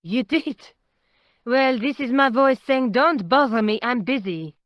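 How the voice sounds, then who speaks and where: A woman voicing a brisk young woman on the phone, curt and impatient. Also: sits high, fairly even intonation, no echo, dull audio.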